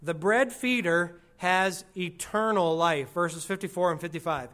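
A man with a noticeably high speaking voice delivers an expository sermon at an unhurried pace. He teaches conversationally, drops wry asides, and draws out the phrases he wants to stress. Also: fairly bright tone. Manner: slows and stresses key phrases. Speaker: pastor.

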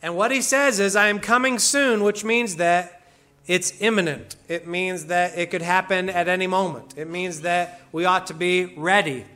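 A man's voice: sits high, fairly even intonation, moderate pace, a bit bright. A man preaching a sermon, explaining verses with emphasis and casual asides. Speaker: pastor.

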